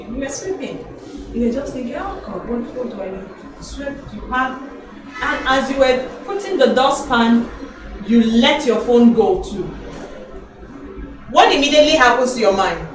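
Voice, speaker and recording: Animated woman teaching in an echoey hall. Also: fairly high pitch, far from the mic. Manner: animated, calls out questions for the audience to answer. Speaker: elocution and public speaking trainer. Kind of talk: motivational talk to a live audience.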